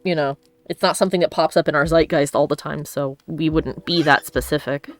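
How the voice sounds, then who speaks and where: A woman hosting a casual chat on her stream, talking quickly with frequent laughs and asides. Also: low-pitched, steady tone, no room sound. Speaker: streamer host.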